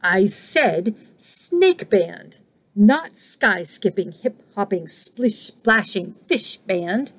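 Woman voicing a peevish little storybook snake, slow and emphatic, breathy, lively pitch. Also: exaggerated voice. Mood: insistent. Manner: slow, emphatic, rising to a shout.

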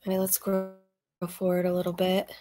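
Soft music plays behind a woman whose lowish voice is monotone and dark, delivered at a moderate pace. She's a reaction channel host giving casual, sarcastic, chatty commentary, laughing a lot, her voice slightly strained from screaming.

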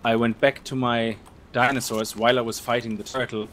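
Relaxed man explaining game moves. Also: medium pitch, brisk, a little hiss or hum. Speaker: let's play host. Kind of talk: casual gameplay chat.

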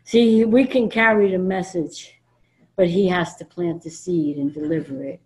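An older woman from New York gives a personal testimony at a convention. She tells her story in a blunt, emphatic and animated way, and she acts out the lines of the people she quotes. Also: on the low side, unhurried, low-quality recording. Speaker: speaker at a recovery convention. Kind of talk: personal testimony to a live audience. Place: convention meeting room before an audience.

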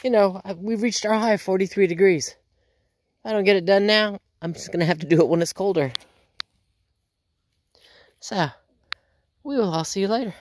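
A woman's voice: medium pitch, moderate pace, pauses often, a little mellow, slight background noise. A woman vlogging casually outdoors on a small farm while doing chores, sounding a bit sick and rambling with many ums. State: sick, under the weather. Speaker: homestead vlogger.

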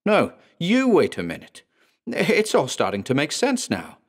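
A man voicing a paranoid man who hurls accusations, shrill and rising to a fever pitch. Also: animated, moderate pace, lightly acted. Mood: accusing.

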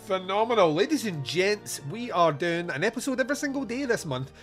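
A man hosting a casual film review podcast, animated and quick to laugh, acting out lines from the movie. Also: sits high, faint music behind. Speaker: podcast host.

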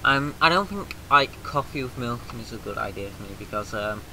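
A British man giving casual, excitable let's-play commentary, swearing freely and shouting rallying cries, with a slightly mucousy throat. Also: mid-range voice, fairly quick, noisy background. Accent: British English. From Britain. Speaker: gaming video host.

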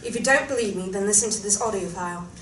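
A woman reading a part in a script, with calm, even delivery. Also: medium pitch, fast, slight background noise. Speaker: actor reading Dolores. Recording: echoey room, mic far off.

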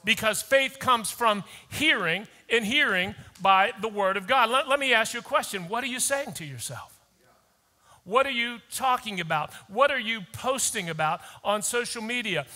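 A male pastor preaching a sermon with urgency, rising at times to shouts in a church auditorium. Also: sits high, expressive, moderate pace. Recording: long hall reverb.

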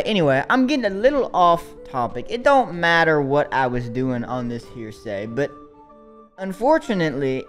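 A man's voice: fairly high pitch, smooth, voice pushed up. A young man putting on a Southern US accent as a rambling, mock-grand storyteller. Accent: put-on Southern US.

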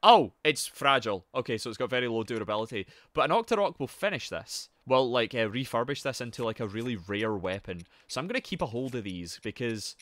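A man doing live gameplay commentary as a streamer, swearing and yelling at the game as he chats. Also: mid-range voice, brisk, hardly any pauses, no echo, studio quality. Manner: sweary, excitable, yells at the game.

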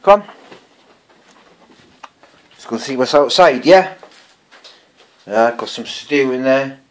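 A man with a Welsh accent, chatting slowly and rambling to himself as he walks through his garden, filming on a handheld camera, mixing English and Welsh. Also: medium pitch, lively intonation, a little hiss or hum. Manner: slow rambling chat, mutters to himself; switches between English and Welsh. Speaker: gardening vlogger. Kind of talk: casual garden walk-through. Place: outdoor garden. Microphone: handheld camera or phone.

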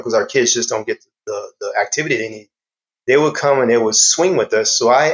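Middle-aged male guest, calm and earnest storyteller, mid-range voice, steady low tone. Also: rough recording. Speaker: fitness trainer and parent guest. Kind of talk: podcast interview storytelling.

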